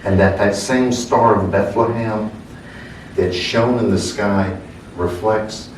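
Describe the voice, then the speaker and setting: A man leading a church service, telling a story slowly and chuckling as he preaches. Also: on the low side, fairly even intonation. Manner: slow, warm storytelling with chuckles. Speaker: minister. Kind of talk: sermon. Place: church sanctuary. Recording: echoey hall, distant mic, faint hum.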